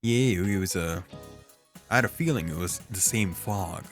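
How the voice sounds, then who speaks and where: A man streaming a game, talking casually in an animated, rambling way with restarts. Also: sits low, normal speed, soft background music. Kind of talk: casual gameplay commentary.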